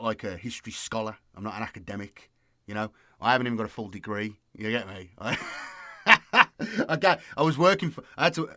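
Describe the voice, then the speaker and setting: Casual male host, lowish voice, rambles freely, dry close recording. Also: fairly bright tone, no echo. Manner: rambling, lots of fillers. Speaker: YouTube host. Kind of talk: casual late-night chat.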